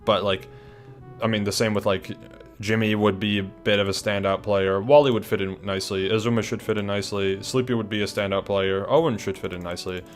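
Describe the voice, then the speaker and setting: A young man with a lowish voice talks casually through a ranked list, chatty and unhurried in his own way. He hesitates often and restarts his sentences. Faint music plays quietly behind him. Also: steady tone. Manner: chatty, hesitant, many fillers and restarts, yawning. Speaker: video creator ranking players. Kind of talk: casual ranking commentary.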